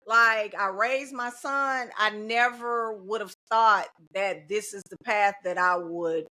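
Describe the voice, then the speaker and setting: A middle-aged woman with a medium-pitched, bright, forceful voice talks slowly as a podcast guest. As a teacher and union organizer she sounds casual yet determined, uses slogans, and laughs often.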